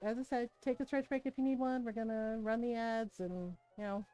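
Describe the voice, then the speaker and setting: A middle-aged woman with a fairly high voice chats on her game stream and tells stories with lots of laughter and some swearing. When she speaks to her viewers she turns gentle and encouraging. Quiet music plays faintly underneath. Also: brisk, clean tone, low-quality recording. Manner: animated, laughing storyteller, swears freely. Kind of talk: casual chat while streaming a game.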